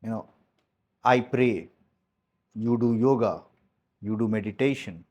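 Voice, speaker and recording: A man with a lowish, darkish-toned voice speaks a little slowly. As business coach to his team, he gives an emphatic, blunt pep talk, repeating key phrases and letting a few mild swear words slip.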